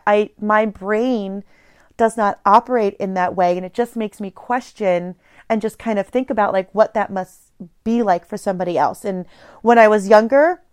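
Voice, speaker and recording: Smooth-voiced woman podcasting solo. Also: mid-range voice, darkish tone, no echo, studio quality. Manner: reflective, meandering with many restarts. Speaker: podcast host. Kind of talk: casual solo podcast monologue.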